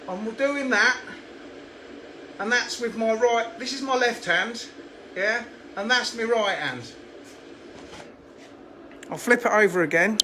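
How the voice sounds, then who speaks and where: With an extremely high-pitched, animated voice, this fishery owner talks a little slowly and pauses often while live streaming from his handheld phone. He rambles casually and makes fun of himself as he shows things to the camera, with a noisy background behind him.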